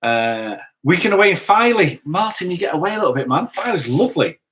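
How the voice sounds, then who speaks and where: A man's voice: high voice, sing-song, brisk, fairly bright tone, slight background noise. A man hosting a casual live stream, reading out viewer comments in a chatty, upbeat way. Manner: chatty, upbeat, laughs easily.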